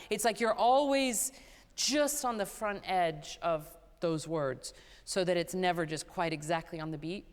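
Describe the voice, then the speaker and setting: Animated woman coaching in a reverberant hall. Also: mid-range voice, normal speed, smooth. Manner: animated, playful, demonstrates by singing phrases. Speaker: vocal master class teacher. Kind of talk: coaching a singer in a master class. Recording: hall reverb, live concert hall.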